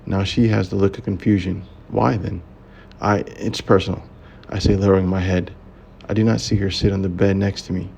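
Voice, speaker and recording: A man narrates an audiobook with a very deep voice. His reading is steady and measured, with a gravelly rasp running through it. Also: slight background noise.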